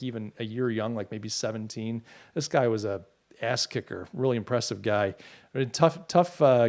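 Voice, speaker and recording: Medium in pitch with a darkish tone, this middle-aged podcast host rambles opinionatedly in loose livestream chatter, reads out comments from viewers, and keeps restarting his sentences.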